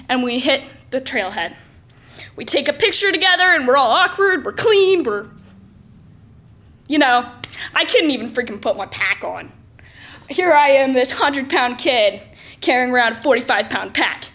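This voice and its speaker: High-voiced woman telling a lively story. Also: moderate pace. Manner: lively, self-mocking, exaggerated. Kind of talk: personal story told aloud.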